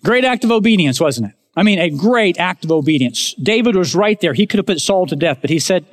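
A man's voice: sits high, expressive, brisk, hardly any pauses. Emphatic preacher man in reverberant hall. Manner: emphatic, swinging between raised declarations and hushed asides; addresses the congregation directly. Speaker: pastor. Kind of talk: sermon.

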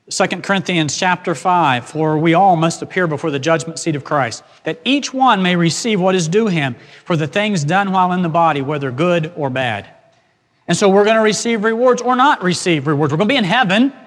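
A man preaching an expository sermon as pastor, emphatic and slowing down to stress key phrases. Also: sits high, a bit bright. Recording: long hall reverb.

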